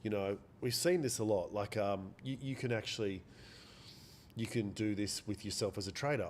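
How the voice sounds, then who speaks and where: A man's voice: on the low side, normal speed, a little hiss or hum. A man hosting a live trading stream, chatting casually, repeating phrases and answering viewers by name. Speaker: day trading livestream host.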